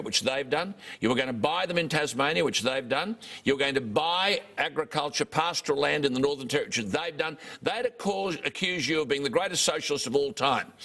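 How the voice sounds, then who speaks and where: An Australian man co-hosting an interview, pressing his points in a forceful, emphatic, rhetorical way. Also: fairly high pitch. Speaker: co-host.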